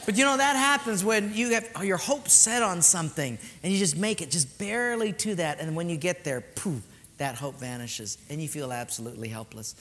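Bright-voiced pastor. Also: male voice, high-pitched, a little fast. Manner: animated storyteller acting out dialogue, laughing. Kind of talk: storytelling sermon. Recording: reverberant hall, faint ambience.

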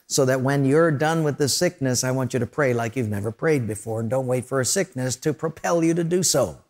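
A pastor with a fairly high but darkish voice preaches at a moderate pace with few pauses. He tells stories throughout, bringing them to life with acted-out voices and sound effects.

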